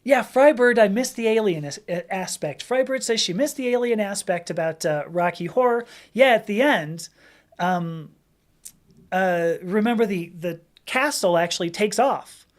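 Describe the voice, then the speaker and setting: A woman's voice: medium pitch, animated, normal speed. Chatty rambling woman livestream host. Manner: rambling, chatty, laughs often, reads out viewer comments. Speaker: livestream host answering chat questions. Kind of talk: casual chat.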